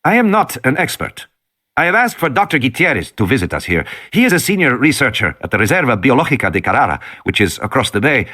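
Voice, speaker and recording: A man voicing a calm, formal male doctor in an audiobook, speaking with careful phrasing. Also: medium pitch, fast, voice pushed up. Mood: measured.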